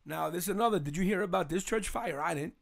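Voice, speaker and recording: A man's voice: high-pitched, fast, vocal fry. A man with a New York accent hosting a casual political talk show, rambling and saying "you know" constantly. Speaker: host.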